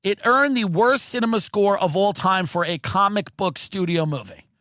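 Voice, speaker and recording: A man tears through a comedic rant, his pitch leaping high and dropping low as he mocks everyone around him. His voice is bright and cutting, recorded close and dry in a studio. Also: moderate pace, no echo. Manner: animated ranting, mocking voices for agents. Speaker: comedian and podcast host.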